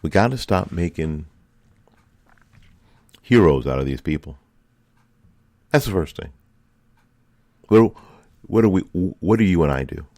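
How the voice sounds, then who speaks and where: A man's voice: low-pitched, expressive, measured pace, pauses often, darkish tone, no room sound. A man hosting a political commentary show, delivering an impassioned opinion monologue full of repeated rhetorical lines. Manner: impassioned, repetitive rhetorical questions.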